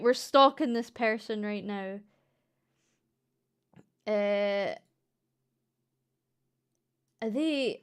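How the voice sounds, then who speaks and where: A woman's voice: a little high, clean tone. A young woman with a Scottish accent chatting casually on a livestream, playful and giggly, swearing freely. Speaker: streamer.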